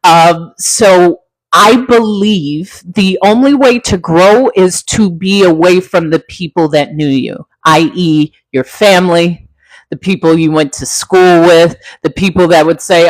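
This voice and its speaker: A woman's voice: unhurried, no room sound, low-quality recording. A middle-aged woman from Central California, hosting a casual livestream, talking in a heartfelt, reflective way and answering comments. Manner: heartfelt, reflective, wide pitch swings, laughs easily. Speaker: livestream host, former flight attendant.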